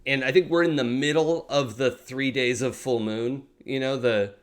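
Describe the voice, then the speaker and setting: A man runs a tabletop game at a middle pitch, describing scenes to his players. He hesitates often, circling back with ums and restarts before landing each thought. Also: steady tone, moderate pace. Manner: hesitant, many fillers and restarts. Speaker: game master.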